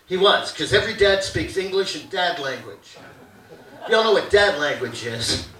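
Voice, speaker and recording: A man doing a stand-up comedy set on a theater stage, animated and bursting into shouted impressions of his dad. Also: sits high, moderate pace. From Canada. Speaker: stand-up comic. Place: theater stage with audience laughter. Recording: roomy, distant theater recording.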